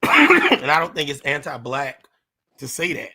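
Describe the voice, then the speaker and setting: Bright-voiced earnest man. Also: fairly high pitch, huge pitch swings, unhurried, husky. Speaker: panel guest. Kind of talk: casual panel chat.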